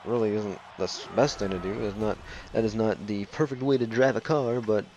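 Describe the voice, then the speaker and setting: A man's voice: fairly low pitch, steady tone, brisk, darkish tone, dull audio, slight background noise. A man casually commenting over a game he plays, rambling with frequent swearing and fillers. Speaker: let's play commentator.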